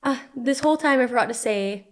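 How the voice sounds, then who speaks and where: A young woman tells a personal story as a podcast guest. Her voice sits a little high, and she talks in an animated way. She uses many "like" fillers and acts out the quoted lines. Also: brisk. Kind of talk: casual storytelling.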